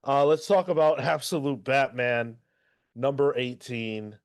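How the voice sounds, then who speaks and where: A man's voice: mid-range voice, measured pace, dry recording, clean studio sound. A man hosting a casual comics podcast, talking energetically and loosely about the week's books. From Irish heritage. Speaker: podcast host.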